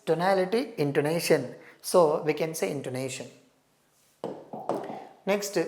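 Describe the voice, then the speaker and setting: A woman's voice: low-pitched, a little mellow. A woman teaching exam preparation and explaining, repeating key terms as she goes. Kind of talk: recorded exam-prep lecture. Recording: roomy echo.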